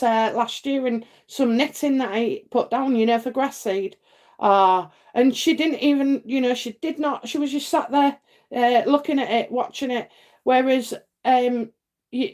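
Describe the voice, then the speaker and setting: A woman's voice: fairly high pitch, a little mellow. A middle-aged woman from England hosting a live psychic stream, chatting in a rambling way full of fillers and repeats. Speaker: psychic livestream host. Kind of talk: casual livestream chat and readings.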